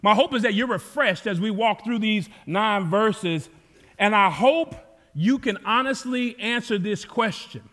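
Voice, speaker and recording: High-voiced American pastor preaching. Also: male voice, a little slow, a bit bright, in a large hall. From United States. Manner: storytelling, rising to fervent calls. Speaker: campus pastor. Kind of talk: sermon. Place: church sanctuary.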